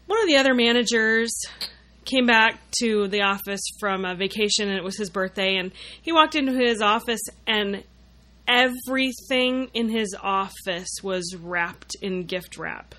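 A woman's voice: mid-range voice, unhurried, pushed and bright. A woman co-hosting a podcast, telling a funny story in casual chat. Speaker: podcast co-host.

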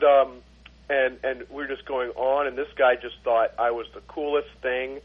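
A man's voice: medium pitch, fairly even intonation, moderate pace, husky. A man guest on a podcast, telling a rambling story in casual chat. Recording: dull lo-fi sound.

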